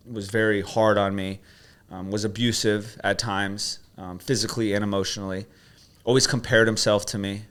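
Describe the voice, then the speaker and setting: A man with a fairly low voice leads a coaching talk. He presses with short questions and then tells a heartfelt personal story. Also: fairly bright tone, clear, resonant tone. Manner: probing, then emotional storytelling. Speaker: guest coach.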